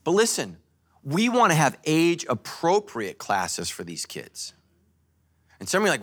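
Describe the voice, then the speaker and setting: A male pastor giving a sermon at a church service, joking and telling animated stories. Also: on the high side, normal speed, pauses often, husky. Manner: animated, joking, storytelling preacher.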